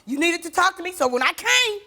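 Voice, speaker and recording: A middle-aged woman argues her side as a talk show guest, insisting on being heard out. Her voice sits high and bright and swings widely in pitch. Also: big pitch swings, a little fast. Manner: defensive, insistent. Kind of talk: defensive talk show argument.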